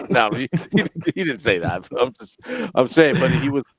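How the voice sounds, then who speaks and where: Podcast host guy, gravelly voice, rambling and chuckling, dry close mic. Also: mid-range voice, huge pitch swings, a little slow, no room sound. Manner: rambling, laughs while telling stories. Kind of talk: casual chat. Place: home podcast setup.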